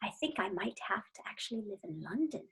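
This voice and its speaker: A woman's voice: mid-range voice, sing-song, fast talker, a bit bright. A woman co-hosting a chat over a video call, teasing and theatrical, with genteel old-fashioned turns of phrase. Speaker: co-host.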